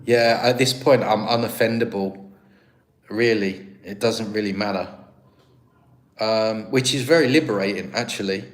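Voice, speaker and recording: A man's voice: fairly low pitch, normal speed. A British man hosting a livestream, chatting casually and answering viewer comments in a rambling, self-deprecating way. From Britain. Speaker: livestream host. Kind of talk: casual live-stream chat, reading viewer comments.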